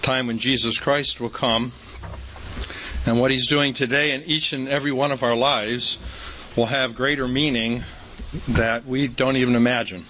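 Male preacher, folksy storyteller who leans on repetition, bright forward tone. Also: medium pitch, fairly even intonation, moderate pace, slight background noise, poor audio. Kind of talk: sermon.

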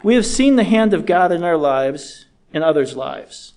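A middle-aged man preaching a sermon in a measured, earnest way, slowing down to stress key words. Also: high voice, animated, darkish tone. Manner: measured, earnest, slows down for emphasis.

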